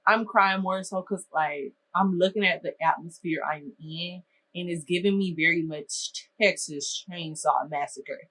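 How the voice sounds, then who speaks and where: A young adult woman from Minnesota telling a storytime vlog in a lively, exasperated way, full of casual slang. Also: fairly low pitch, measured pace, a little hiss or hum, rough recording.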